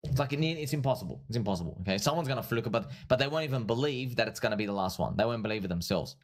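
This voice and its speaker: A man hosting a casual livestream, talking through crypto price charts in an excitable, repetitive way and often calling his audience friends. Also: medium pitch, racing. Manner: laughs at his own points. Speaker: livestream host and crypto trader.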